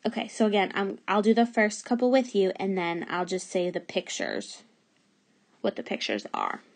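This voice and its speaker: A woman's voice: mid-range voice, very animated, moderate pace, gravelly. A woman teacher giving a remote phonics lesson to young children, patiently sounding out letters and words.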